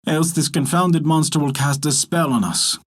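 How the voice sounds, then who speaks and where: A man voicing a weary, grudging peasant father in a folk tale, giving gruff, resigned orders. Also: fairly high pitch, normal speed.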